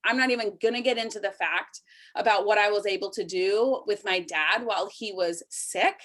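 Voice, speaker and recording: A woman's voice: medium pitch, moderate pace, a bit bright. Emotional woman giving an urgent pep talk. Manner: emotional, urgent, pleading with listeners. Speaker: team leader hosting a sales team call. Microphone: video call.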